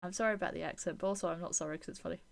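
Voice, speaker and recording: A woman streaming a game, reading its text aloud and chatting between lines with giggles and soft whispered asides. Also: lowish voice, very fast, vocal fry.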